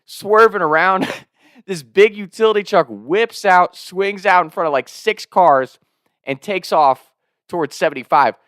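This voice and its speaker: A young man in his twenties telling a wild story in a casual, animated way, swearing and laughing as he goes. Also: sits high, no room sound, studio quality. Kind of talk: casual spoken anecdote.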